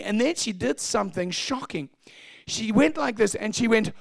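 High-voiced animated male pastor. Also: normal speed, vocal fry, dry recording, studio quality. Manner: animated storytelling, acting out shouts and laughter. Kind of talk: testimony sermon.

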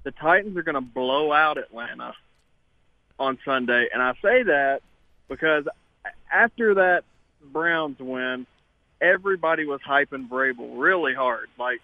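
A man's voice: medium pitch, measured pace, dry recording. A man calling in to a sports radio show, insistent and confident about his team. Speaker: caller. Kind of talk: call-in radio talk. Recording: tinny phone line.

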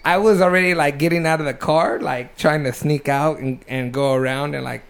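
A man's voice: a little high, fairly even intonation, normal speed, creaky, smooth. A man hosting a podcast in a studio, chatting casually, swearing and laughing often. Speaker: podcast host. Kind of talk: casual chat.

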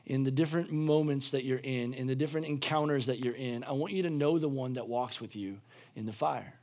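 Speaking as pastor, a man with a brisk, mid-range voice preaches a sermon that swings from shouted fervor to quiet, intimate appeals, repeating phrases for emphasis.

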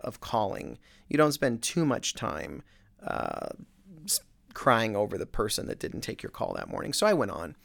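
A middle-aged man, a real estate agent, telling a story in a casual, animated, self-mocking way. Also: lowish voice, gravelly. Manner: animated, self-mocking, with many fillers and restarts.

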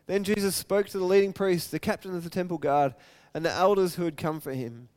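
Preaching in a high-pitched, brisk voice, a man retells scripture and performs the quoted lines, shifting from loud and excited to soft and hushed.

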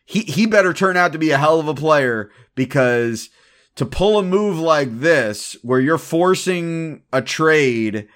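A man's voice: on the high side, lively intonation, unhurried, fairly bright tone. A man co-hosting a sports podcast, giving his opinions in casual chat with frequent restarts. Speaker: podcast co-host.

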